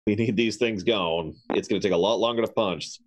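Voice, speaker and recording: A man with a low voice plays in a tabletop game stream. He talks in a sardonic, wisecracking way. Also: fairly quick, noisy background. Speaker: player. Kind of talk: tabletop game livestream chat.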